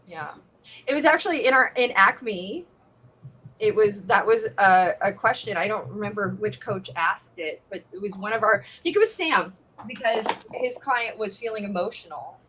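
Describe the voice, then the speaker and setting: A woman life coach chatting casually, an animated storyteller who acts out the quotes she tells. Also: mid-range voice, moderate pace, slightly rough, low-quality recording. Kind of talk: casual chat.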